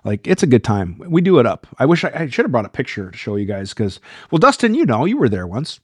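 A man's voice: medium pitch, fast talker, slightly rough, no room sound, clean studio sound. A man hosting a live viewer Q&A stream, talking casually and getting worked up as he rambles. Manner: animated, gets worked up and rambles.

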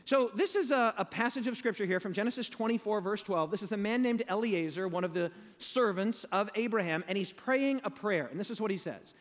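A man's voice: high-pitched, a little fast, few pauses, long reverb tail. A man preaching a sermon to a live audience, emphatic and leading them in call-and-response.

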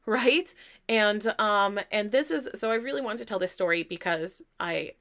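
A woman's voice: mid-range voice, normal speed. A woman, a parent, telling a story in casual chat and acting out her own quoted words. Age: adult parent. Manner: animated storyteller, mock-quotes herself.

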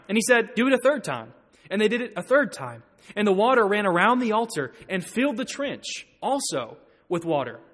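A man preaching a sermon in a church, animated and growing loud when he quotes. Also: sits high. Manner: animated, rising to loud emphasis when quoting. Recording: long hall reverb.

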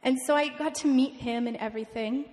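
Animated young woman telling her testimony. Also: high voice, fairly quick. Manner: animated storytelling, acts out the people she quotes. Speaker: missionary speaker. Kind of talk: testimony to a church audience. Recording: long reverb in a large hall.

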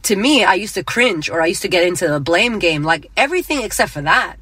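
A woman's voice: on the low side, animated, fairly quick, fairly bright tone, slightly rough, no echo. A middle-aged woman hosting a motivational podcast, talking bluntly and emphatically, with frequent swearing. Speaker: podcast host.

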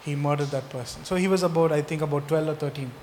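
A man's voice: a little high, steady tone, fast talker, darkish tone, long reverb tail, slight background noise. A male pastor delivering a sermon, asking the congregation rhetorical questions and stressing key points.

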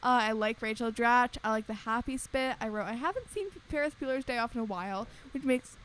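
A woman's voice: fairly high pitch, lively intonation, a little fast, a bit bright. A young woman co-hosting a podcast, rambling animatedly in casual chat with lots of filler words. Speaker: podcast co-host.

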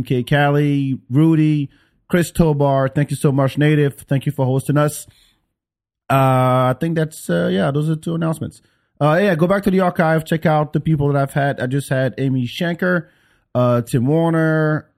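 A man hosting a casual podcast chat, speaking with an African French accent, relaxed and quick to laugh. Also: a little high. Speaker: podcast host.

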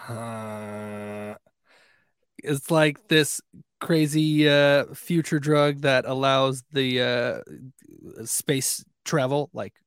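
A man co-hosting a casual book podcast, relaxed and chuckling, often trailing off. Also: medium pitch, very slow, clear, resonant tone, dry recording, clean studio sound. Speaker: podcast co-host.

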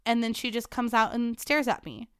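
Young female podcast host, bright-pitched and animated, profane, dry close mic. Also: normal speed, clear, resonant tone, no room sound. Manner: animated, dramatic, swears freely. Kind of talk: casual storytelling chat.

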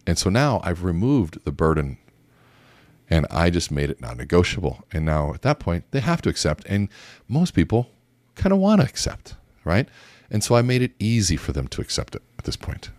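Man, deep low voice, dry close sound, teaching talk, lively storyteller, acts out dialogue. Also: normal speed, dry recording. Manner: lively storytelling, acts out both sides of conversations. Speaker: communication coach. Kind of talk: teaching talk with acted-out examples.

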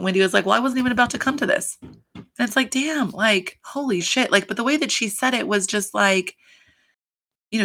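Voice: medium pitch, creaky, sharp tone. A reality TV recap host talking in a casual, chatty, profane way, full of fillers.

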